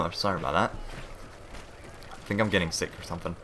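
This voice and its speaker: A man's voice: low voice, lively intonation, normal speed, sharp tone. A man doing live gameplay commentary, frustrated and swearing as he plays. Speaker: gamer. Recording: game noise clearly behind.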